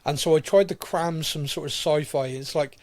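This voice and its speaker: Middle-aged male podcast host, slightly high voice, chatty and rambling. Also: normal speed, a little mellow. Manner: chatty, rambling, laughs easily. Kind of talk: casual chat.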